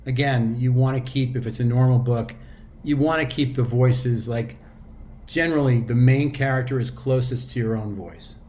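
Brief: man, sixties, guest narrator, warm and mellow tone, easygoing and musing, faint background hiss. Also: medium pitch, normal speed. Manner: relaxed, reflective, loose with fillers and restarts. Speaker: guest, audiobook narrator and actor. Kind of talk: casual interview chat.

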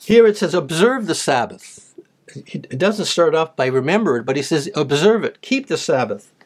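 A man's voice: a little high, expressive, normal speed. A man giving a sermon, reading Bible verses aloud and then explaining them in plain words. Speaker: preacher.

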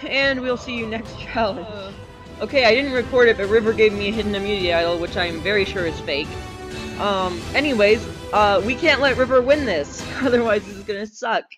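A man giving excitable live commentary while playing an online game, with a desk microphone. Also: high voice, rough recording. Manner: excitable, quick reactions and exclamations. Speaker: gamer. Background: faint game music.

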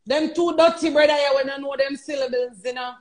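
A Jamaican woman live streaming, ranting loudly and mockingly with heavy cursing. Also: high-pitched, steady tone, brisk, rough recording.

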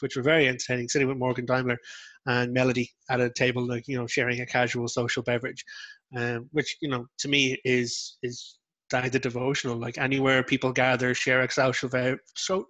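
Irish guy guesting on a podcast, bright tone, rambly and self-deprecating. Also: medium pitch. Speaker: interview guest, storyteller. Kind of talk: casual interview chat.

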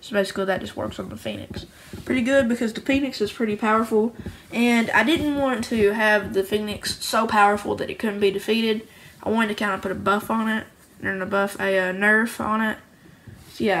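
A woman's voice: medium pitch, brisk, fairly bright tone, a little hiss or hum, low-quality recording. Chatty woman walking through homemade cards. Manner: rambling, upbeat, restarts often. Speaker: homemade card game creator. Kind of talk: casual card walkthrough.

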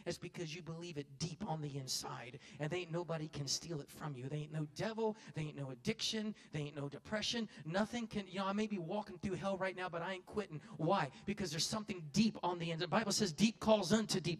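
Man, pastor, fiery folksy sermon, high-pitched. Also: fast talker, hardly any pauses. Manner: folksy preaching, building to loud impassioned cries.

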